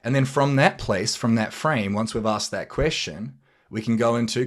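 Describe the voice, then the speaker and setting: A man's voice: medium pitch, moderate pace. A man hosting a podcast, giving a blunt, casual motivational talk on business and leadership, swearing freely and acting out little bits of dialogue. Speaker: podcast host and business coach. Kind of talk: motivational monologue.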